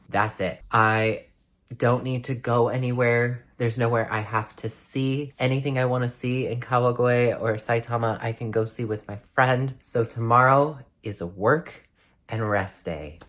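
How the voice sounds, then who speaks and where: A man's voice: mid-range voice, a bit bright. Worn-out man chatting casually to camera. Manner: rambling, chatty, laughs often. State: tired and out of breath. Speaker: travel vlogger. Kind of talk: casual vlog chat to camera. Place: hotel room.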